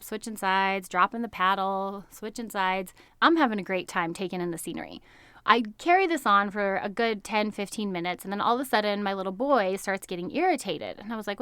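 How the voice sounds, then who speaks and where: A woman's voice: medium pitch, fairly bright tone, smooth, dry recording. Upbeat chatty American woman, dry close sound. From United States. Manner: chatty and upbeat, frequent "like", laughs often. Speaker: health coach. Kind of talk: casual podcast monologue.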